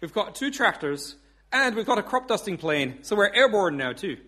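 Man putting on a breezy Irish pub bloke, higher voice, chatty and halting. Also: sing-song, pushed and bright, full character voice. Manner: chatty, breezy, with hesitant fillers.

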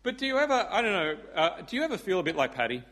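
A man's voice: sits high, very animated, racing, fairly bright tone, a little hiss or hum. A man preaching a sermon in a casual, joking way with fillers. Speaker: pastor.

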